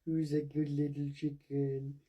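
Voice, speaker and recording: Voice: mid-range voice, completely flat delivery, unhurried, dark tone, breathy edge, lo-fi sound. A voice actor playing a doting old woman who talks in sing-song baby talk to a chicken. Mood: cooing.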